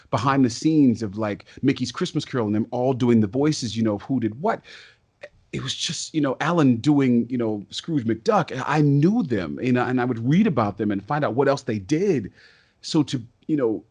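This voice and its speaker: A man, a stage and voice actor, telling stories as a podcast guest in an excitable, talkative way. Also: medium pitch, breathy edge. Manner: talkative and excitable, quick bursts and restarts. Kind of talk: casual podcast interview storytelling.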